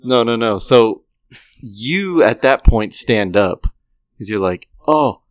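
A young man telling a wild story on a podcast, animated and profane, often laughing. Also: lowish voice, slow pace, no room sound, clean studio sound. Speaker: podcast co-host. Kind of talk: casual storytelling chat.

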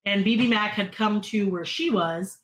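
A woman's voice: normal speed, low-quality recording. A woman from Canada, co-hosting a podcast and telling a story in a chatty way, with lots of fillers. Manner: chatty, many fillers, acts out other people's lines in higher voices. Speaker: podcast co-host. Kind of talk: casual chat, telling a story.

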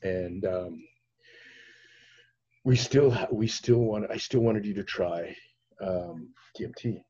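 Male podcast host, low husky voice, lively storyteller who acts out scenes, dull lo-fi audio. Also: slow. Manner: expressive, acts out voices in his anecdotes. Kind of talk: animated storytelling in conversation.

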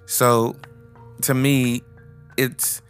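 A man talking through his take on a film in an even, flat voice that barely rises or falls. He keeps stopping to restart his sentences. Faint music plays behind him. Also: mid-range voice, drawn-out words. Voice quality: flat, rambling with many restarts. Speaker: film reviewer. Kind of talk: casual movie review chat.

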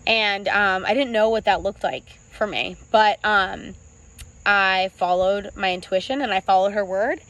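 A young woman in her twenties tells her own story in a vlog, earnest and halting. She fills her pauses with ums and restarts and keeps close to tears. Her voice sits at an ordinary middle pitch. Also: fairly bright tone, low-quality recording. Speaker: clothing brand founder.

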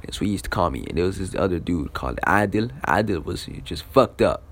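A man's voice: sits low, lively intonation, a little fast. A young man telling a casual story in a loose, profane style, with lots of fillers.

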